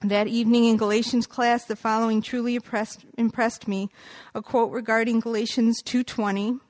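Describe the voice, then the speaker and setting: A woman's voice: a little high, level tone, moderate pace, a little mellow. A woman giving a personal faith testimony, earnest and reflective, partly reading aloud and quoting scripture.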